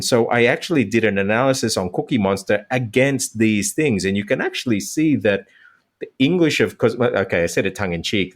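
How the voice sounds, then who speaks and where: A male language teacher, a podcast guest, explaining ideas in an animated, easygoing way and laughing easily. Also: fairly low pitch. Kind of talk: conversational explanation.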